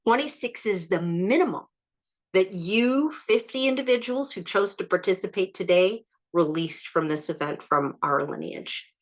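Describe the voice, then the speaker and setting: A woman leading a group healing session. She speaks in slow, prayerful invocations and counts through numbers aloud. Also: mid-range voice, expressive. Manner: soft, prayerful, slow invocations with warm laughter. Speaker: spiritual healing session leader.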